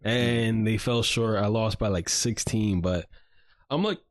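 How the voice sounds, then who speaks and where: A man's voice: on the low side, a little slow. A man co-hosting a podcast in casual chat, talking in a loose, rambling way full of fillers. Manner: loose and rambling, lots of fillers, laid-back. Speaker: podcast co-host.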